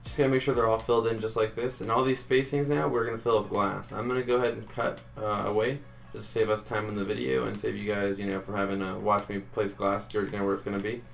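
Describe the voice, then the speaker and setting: A man's voice: on the low side, level tone, quick pace, vocal fry, faint music behind. A man hosting a casual game-building tutorial, talking chattily to viewers and counting blocks aloud. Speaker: Minecraft tutorial host.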